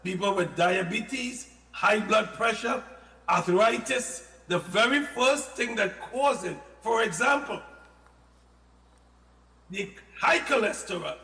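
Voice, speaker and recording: A man talks about health in a high, sharp-edged voice, animated and given to playful asides. He sounds echoey, with a long reverb trailing his words. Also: takes it slowly. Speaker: health product guest. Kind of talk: casual radio-style health talk.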